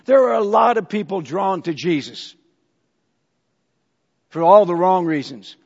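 Husky high-voiced preacher in a hall. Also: male voice, lively intonation, measured pace, long pauses, a little mellow. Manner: storytelling, acts out voices of characters. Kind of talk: sermon. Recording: dull hall echo.

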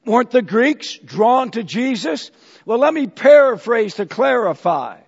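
Husky high-voiced preacher in a hall. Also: male voice, sing-song, unhurried. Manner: storytelling, acts out voices of characters. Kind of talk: sermon. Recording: dull hall echo.

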